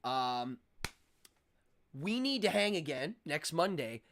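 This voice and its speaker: A man's voice: fairly high pitch, very animated, takes it slowly, long pauses, fairly bright tone. A man hosting a livestream, chatting in a rambling, opinionated way with many fillers and restarts. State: out of breath. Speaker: livestream host. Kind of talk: casual livestream chat.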